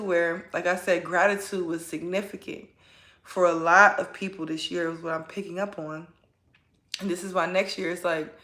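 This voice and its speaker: A woman's voice: lowish voice, a bit bright, reverberant. A woman giving a casual spoken tarot reading, chatty and rambling, often tagging her points with a question. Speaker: tarot reader.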